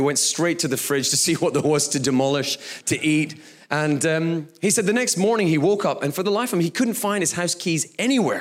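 Chatty male preacher, slightly high voice. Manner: conversational, chatty preaching with frequent fillers and light laughter. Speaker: pastor. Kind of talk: sermon.

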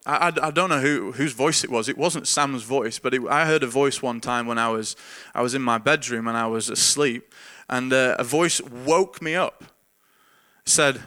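A man's voice: medium pitch, moderate pace, bright, forceful tone. A man who is a pastor, giving an earnest, informal sermon with frequent repeated words and chuckles. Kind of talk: conversational sermon.

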